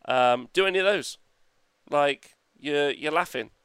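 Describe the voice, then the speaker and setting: Rambling, excitable man on a podcast. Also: fairly high pitch, measured pace, clean tone, no echo. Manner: enthusiastic, rambling, laughs often, swears casually. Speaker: podcast co-host. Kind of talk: casual chat.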